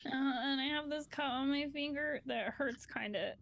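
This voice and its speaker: A woman's voice: high voice, moderate pace, vocal fry, fairly bright tone, no room sound. Woman voicing a blunt sick twelve-year-old girl. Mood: plain, childlike.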